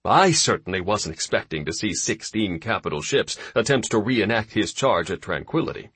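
A man voicing a seasoned male fleet admiral who speaks in a measured, wry way. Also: lowish voice, sing-song, fairly bright tone, husky, dry recording, heavily acted.

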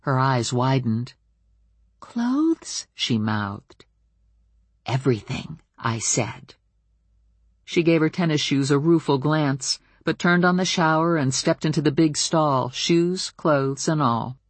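A woman reads a first-person novel aloud with a wry, expressive delivery. Her voice is husky and sits mid-range, recorded dry and close. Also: sits low, unhurried, no echo. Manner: wry, expressive storytelling with lively voiced dialogue. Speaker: audiobook narrator.

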